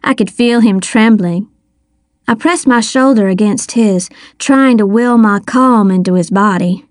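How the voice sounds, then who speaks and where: A woman's voice: medium pitch, a little slow, no room sound, studio quality. A woman narrating a first-person audiobook in a folksy, wry storytelling manner.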